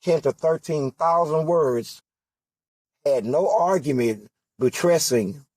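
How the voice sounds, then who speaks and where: A man's voice: on the high side, takes it slowly, darkish tone, no room sound. A man giving an impassioned political monologue, full of rhetorical questions and emphatic repetition. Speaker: political candidate.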